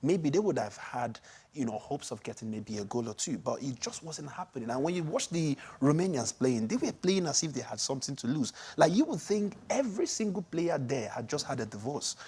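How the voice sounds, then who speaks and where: A man from Nigeria co-hosting a sports show, talking in animated, excitable bursts with many restarts. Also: on the high side, brisk, breathy edge. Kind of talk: casual sports chat.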